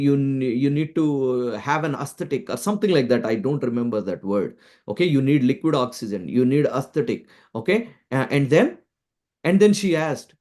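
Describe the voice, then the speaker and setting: A man giving a spiritual talk as a teacher, telling a story with many fillers and repeating key lines slowly for emphasis. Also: on the high side, darkish tone. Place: Florida, near the listener's town.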